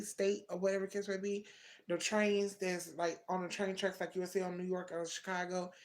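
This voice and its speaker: A woman's voice: on the low side, darkish tone. A young woman casually telling a heartfelt personal story on a livestream, rambling and correcting herself as she goes. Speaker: livestream host.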